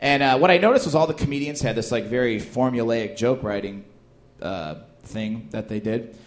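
This guest is a stand-up comedian, a man whose mid-range voice keeps a moderate pace. He trades casual jokes padded with fillers and bursts of laughter, drifting between banter and a stand-up routine.

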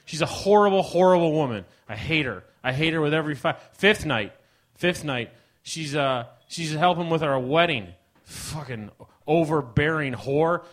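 A man hosting a live comedy show, delivering a mock-outraged stand-up monologue that swings between loud bursts and mumbled asides. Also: on the high side. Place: live ballroom stage.

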